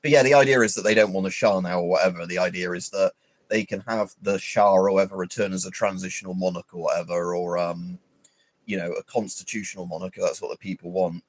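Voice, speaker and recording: A man's voice: low voice, no echo. A man hosting a livestream, rambling and swearing in an opinionated, casual chat full of fillers. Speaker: livestream host.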